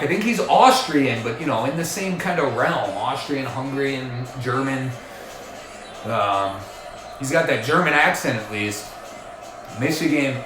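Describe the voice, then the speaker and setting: A man doing jokey mock sports play-by-play commentary, full of puns and quick self-corrections. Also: mid-range voice, fairly bright tone, reverberant.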